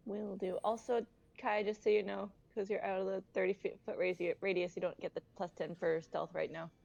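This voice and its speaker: A woman's voice: medium pitch, little pitch movement, brisk, gravelly, darkish tone. A woman playing a tabletop game, chatty and keen on the rules. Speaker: player. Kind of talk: casual tabletop play. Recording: dull lo-fi mic.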